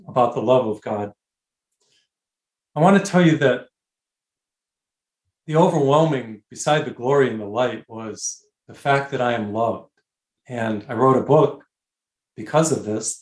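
A man of middle pitch tells a spiritual story in an interview, earnest and deliberate. He slows down to stress key words and lets phrases fade out softly. His voice rings in a noticeably echoey room. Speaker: guest author. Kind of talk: conversational interview, spiritual testimony.

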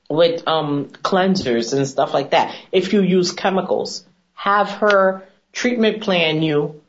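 A woman esthetician talking in an animated, emphatic, chatty way as a guest on a TV segment, on a dull lo-fi recording. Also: lowish voice. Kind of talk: casual TV chat.

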